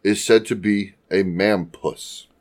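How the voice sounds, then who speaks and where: A man co-hosting a casual comedy podcast, with a deadpan, matter-of-fact delivery. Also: fairly low pitch, slow. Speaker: podcast co-host.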